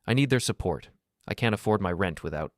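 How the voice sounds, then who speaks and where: A man's voice: on the low side, expressive, a little fast, no room sound, clean studio sound, natural voice. A man voicing a distraught young wife in a story reading, pleading and defensive.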